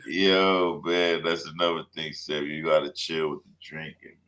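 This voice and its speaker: A man co-hosting a show, chatting casually in loose, slangy banter with quick laughs. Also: rumbling low, steady tone, sharp tone. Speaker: podcast co-host. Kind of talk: casual chat.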